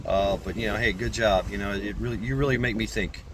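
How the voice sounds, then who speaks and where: A man's voice: on the low side, steady tone, fairly quick, a bit bright, a little hiss or hum. Rambling, profane man vlogging outdoors. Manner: rambling, profane, repeats words. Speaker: channel creator. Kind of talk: casual vlog monologue.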